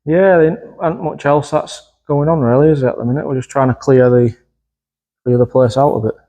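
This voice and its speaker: A man's voice: mid-range voice, fairly even intonation, brisk, background noise. A man, a workshop mechanic co-presenting a car vlog with dry teasing one-liners. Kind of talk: casual banter.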